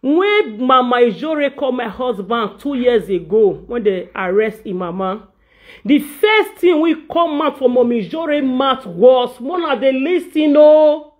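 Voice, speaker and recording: A woman's voice: on the high side, lively intonation, a little slow. Emphatic woman with a Nigerian Pidgin accent. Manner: emphatic, repeats phrases for stress. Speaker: vlogger. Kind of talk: casual ranting monologue. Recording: dull lo-fi audio.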